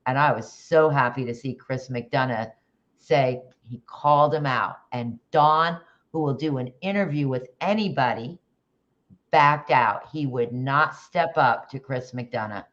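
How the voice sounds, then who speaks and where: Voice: medium pitch, unhurried, a bit bright, dull audio. A livestream host chatting casually about a case, rambling with restarts and greeting viewers in the chat by name.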